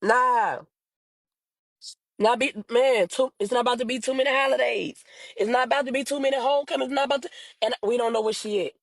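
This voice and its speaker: A woman's voice: a little high, steady tone, a little fast, no echo, poor audio. A young woman making an emotional, pleading plea to camera about her missing sister, her voice breaking into tears as she repeats herself.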